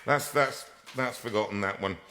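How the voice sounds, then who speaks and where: A man's voice: fairly low pitch, normal speed, sharp tone. A man hosting a casual live stream from a music room, telling jokes in a rambling, playful way with many restarts. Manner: jokey, rambling with restarts, tells puns. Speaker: singer and host. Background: piano.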